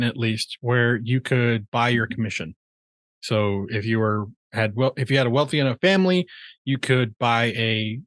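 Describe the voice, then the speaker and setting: A man's voice: medium pitch, a bit bright, dry recording. Man sharing history trivia, dry sound. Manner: chatty, shares trivia. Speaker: podcast co-host. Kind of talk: casual movie review chat.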